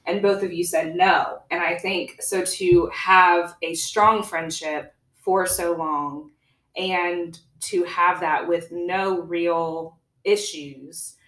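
A woman's voice: lowish voice, steady tone, slow pace, fairly bright tone, roomy sound, poor audio. A woman podcast host asking her guests questions in an earnest, thoughtful way. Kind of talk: interview conversation.

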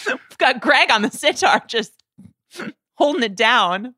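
A woman's voice: on the high side, animated, unhurried, sharp tone, dry recording, clean studio sound. A woman co-hosting a podcast, chatting casually and playfully about an album, laughing now and then. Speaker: podcast co-host. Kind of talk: casual music discussion.

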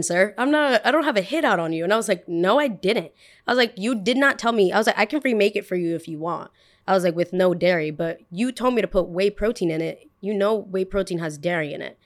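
A woman's voice: medium pitch, expressive, quick pace. A young woman hosting a podcast, telling a workplace story in casual chat and acting out both sides of the dialogue. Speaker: podcast host.

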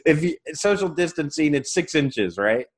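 A man hosts a loose, comedic podcast conversation, laughing often as he talks. His pitch sits in the middle but swings widely with animation, and he slips into playful quoted voices. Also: very animated, normal speed. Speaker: podcast host. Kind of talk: casual comedic chat.

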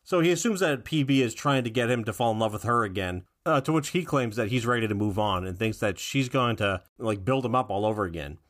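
A man casually recapping a cartoon episode with a co-host, retelling the plot in a relaxed way. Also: lowish voice, fairly quick, hardly any pauses. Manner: relaxed retelling, sings a silly jingle now and then. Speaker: podcast co-host.

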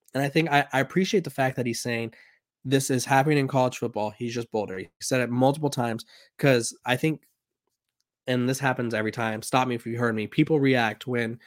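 A man with a slight Southern accent talks through sports news in a loose, rambling way. He reads passages aloud, then riffs on them with restarts and fillers. His mid-pitched voice is close to the mic and dry, with no room sound. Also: no room sound. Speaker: sports talk host. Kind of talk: reading an article aloud and commenting.

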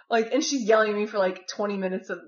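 This fast-talking woman, medium in pitch, rambles through a personal story from her days as a volunteer staying with a host family, full of "like" and "you know." The sound is dull and echoes off the room.

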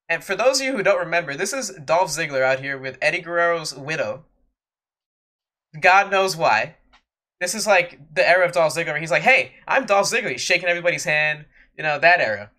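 High, bright-voiced man ranting sarcastically. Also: expressive, brisk. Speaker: podcast co-host. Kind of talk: casual wrestling podcast rant.

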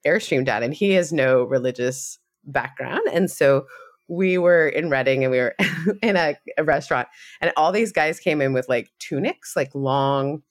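A woman's voice: low-pitched, normal speed. A woman hosting a podcast in casual chat, chatty and giggly, full of fillers and quoted asides. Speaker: podcast host.

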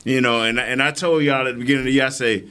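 A man's voice: medium pitch, fairly even intonation, rapid-fire, smooth. A male co-host with a mid-range voice. He speaks emphatically and makes his points with conviction. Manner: emphatic, gives shout-outs. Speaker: sports talk co-host. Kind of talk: casual sports talk.

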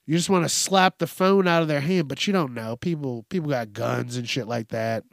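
Here a podcast host grumbles about everyday annoyances in a loose, foul-mouthed rant, exasperated and putting on high voices to mimic people. His voice is creaky and he talks at normal speed. The clean studio audio has no echo.

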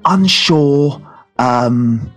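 A man's voice: mid-range voice, lively intonation, drawn-out words, fairly bright tone, faint music behind. A man co-hosting a comedy podcast, rambling through a film review with many ums and restarts. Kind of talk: casual comedy chat.

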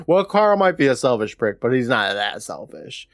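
A man co-hosting a podcast, reading through his recap notes with a wry, deadpan edge and laughing often along the way. His pitch swings lively up and down as he retells the scenes. The sound is dry and close. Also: measured pace, dry recording. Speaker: podcast co-host recapping an episode. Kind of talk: casual chat, recapping from notes.

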